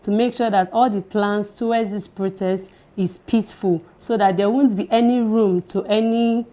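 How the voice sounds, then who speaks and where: A woman guest in the studio making an earnest appeal for calm. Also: medium pitch, moderate pace.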